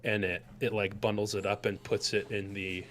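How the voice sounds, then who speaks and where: A man's voice: on the low side, little pitch movement, normal speed, fairly bright tone, a little hiss or hum. A man narrating a tabletop game as game master, rambling loosely with many fillers.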